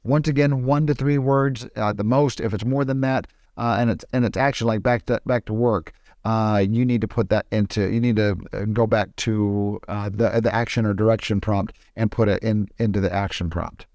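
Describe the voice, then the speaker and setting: A man teaches film production in a relaxed tutorial, talking over his screen. His voice sits a little low and sounds dry and close, with no room around it. He halts often and restarts his sentences as he explains. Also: moderate pace, dry recording. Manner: hesitant, with frequent restarts. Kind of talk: casual screen-recorded tutorial.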